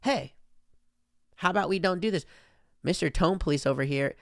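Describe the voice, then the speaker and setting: A man's voice: sits high, normal speed, vocal fry, fairly bright tone, no room sound. A man reacts to clips on his stream in a rambling, sarcastic voice. He sounds exasperated and loose, and the recording is dry and close. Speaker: streamer host. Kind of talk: casual reaction commentary.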